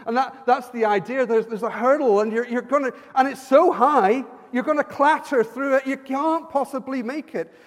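A man's voice: very high voice, normal speed, few pauses. A man preaching a sermon in a church, earnest and personal, building to emphatic repeated lines. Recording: long hall reverb.

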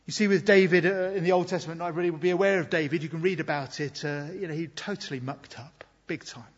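A man preaching a sermon in an earnest, reflective way, moving between loud emphasis and quiet asides. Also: on the high side, fairly even intonation, quick pace, breathy edge. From Britain. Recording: long hall reverb, dull lo-fi sound.

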